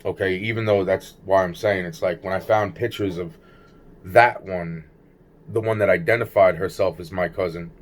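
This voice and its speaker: Man, lowish voice, rambling agitated storyteller, swears constantly, trails off and restarts. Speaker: vlogger recounting personal experiences. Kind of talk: rambling personal storytelling monologue.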